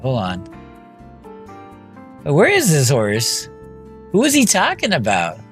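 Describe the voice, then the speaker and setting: Lively scattered man streaming a game. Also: medium pitch, slow pace, soft background music. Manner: scattered, self-talking, reacting to chat. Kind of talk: casual live-stream commentary.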